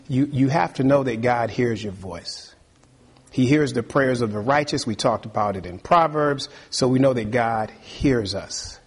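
A man's voice: medium pitch, breathy edge. A male pastor preaching a sermon, reading scripture aloud and calling out to the congregation for responses.

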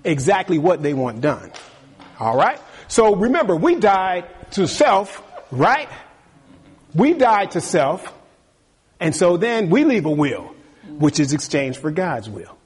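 A male preacher with a fairly high, husky voice delivers a sermon. His pitch swoops up and down as he talks in an animated, conversational way and acts out quick asides.

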